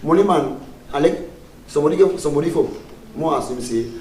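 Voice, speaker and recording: A man's voice: medium pitch, fast, darkish tone. A man, a comedian chatting casually in an interview, laughing often. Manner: laughs often, broken pidgin-tinged phrasing. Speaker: comedian guest. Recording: roomy sound from far off, faint background noise.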